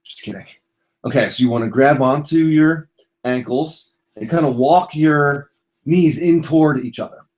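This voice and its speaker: A man's voice: fairly high pitch, moderate pace, darkish tone. A young man leading a casual yoga class on the floor, loose and jokey, with silly asides between his cues. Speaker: yoga instructor. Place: indoors on a floor.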